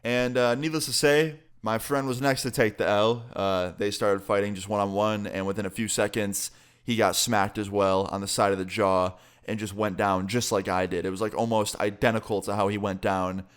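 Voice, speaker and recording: A man's voice: lowish voice, steady tone, normal speed, smooth. A man telling a story casually as a vlogger, swearing freely in a laid-back way.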